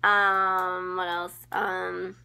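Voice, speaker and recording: A teenage girl chats into her phone camera in an unhurried, drawn-out way, filling her talk with ums, likes and giggles. Her voice is bright and a little tense. She gushes over friends in a casual shout-out vlog. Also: fairly low pitch, little pitch movement, vocal fry, clean tone. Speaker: vlogger.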